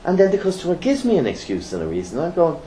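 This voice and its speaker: A middle-aged man teaching a training course, blunt and lively, firing rhetorical questions at the room. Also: a little high, fast. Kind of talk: classroom teaching. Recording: roomy echo, faint background noise.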